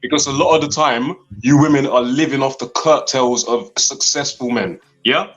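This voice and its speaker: Man, sarcastic debater, muffled audio, soft music underneath. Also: mid-range voice, normal speed. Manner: sarcastic, argumentative, tag questions. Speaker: construction worker, debate guest. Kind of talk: heated debate. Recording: slightly dull sound.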